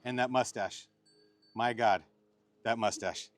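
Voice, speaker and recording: A man's voice: medium pitch, slow, no room sound, soft background music. A middle-aged man officiating a wedding as the bride's uncle, mixing playful jokes with heartfelt advice. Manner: joking, playful asides between heartfelt advice. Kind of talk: wedding ceremony speech.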